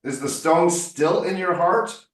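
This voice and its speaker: A man's voice: high-pitched, takes it slowly. A man coaching a student one-on-one in spoken English, emphatic and playfully corrective. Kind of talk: one-on-one tutoring session. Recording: roomy echo, distant mic.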